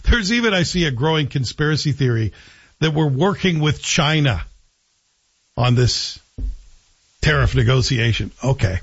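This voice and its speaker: A husky, forceful man from Canada holds forth on his talk radio show, pushing his opinions hard and letting his voice climb when he gets fired up. He sits right on a dry studio mic. The broadcast sound is a little dull. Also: expressive, normal speed, long pauses, no echo. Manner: forceful, combative, rising pitch when worked up.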